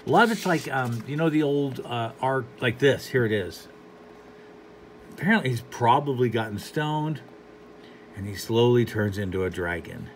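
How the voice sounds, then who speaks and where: Man, casual comic review, rambling, dry, unimpressed, mid pitch, faint background hiss. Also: lively intonation, normal speed. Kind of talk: casual commentary.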